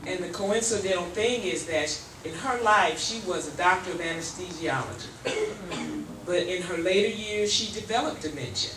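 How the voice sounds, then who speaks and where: A woman's voice: on the low side, moderate pace. A woman who leads a foundation, giving informal and heartfelt welcoming remarks at a town hall. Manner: heartfelt, informal, a little breathless. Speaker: foundation president welcoming the audience. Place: community meeting hall. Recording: roomy hall, far from mic, faint noise.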